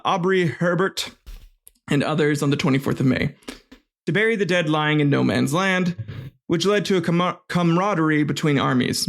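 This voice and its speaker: A man hosting a comedy history podcast in a slightly higher-than-usual voice. He reads war history loosely and jokes as he goes, with casual swearing and fumbled names along the way. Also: creaky, fairly bright tone. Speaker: podcast host.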